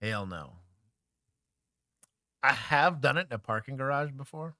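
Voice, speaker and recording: A man's voice: medium pitch, animated, measured pace, sharp tone, no echo, studio quality. A man from Texas co-hosting a livestream, reacting to police bodycam footage with joking, wry commentary. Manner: joking, wry, laid-back banter.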